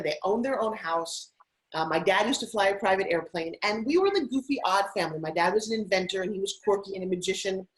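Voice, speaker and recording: A woman's voice: medium pitch, poor audio. A middle-aged woman from Long Island talks as a guest in an interview. She tells her story with lots of energy and a gushing, effusive manner. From Long Island, New York. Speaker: guest, TV host and fitness spokesperson. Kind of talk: interview conversation.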